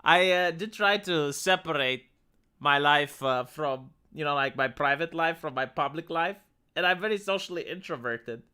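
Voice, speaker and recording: A man's voice: a little high, normal speed, bright, forceful tone, smooth. A young man chatting bluntly with his live-stream chat, swearing often as he answers comments.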